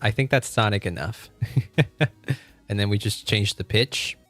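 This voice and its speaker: A man's voice: lowish voice, unhurried, a bit bright, faint music behind. A man streaming and chatting casually, laughing often and restarting his sentences.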